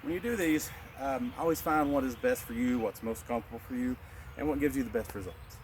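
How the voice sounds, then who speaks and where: A male martial arts instructor leading a qigong class, calmly cueing each breath in and out and explaining the moves in a relaxed way. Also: medium pitch, fairly quick, a little hiss or hum.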